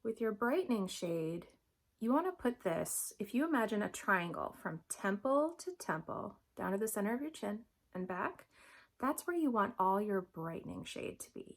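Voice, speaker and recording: A woman's voice: medium pitch, vocal fry. A young adult woman talking through a makeup tutorial in a chatty, upbeat, instructive way. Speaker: makeup vlogger.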